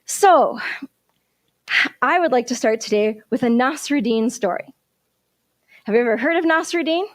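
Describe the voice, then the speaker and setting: A woman minister giving a sermon, telling stories in an animated way and asking the congregation questions. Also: on the high side, moderate pace, no echo, clean studio sound.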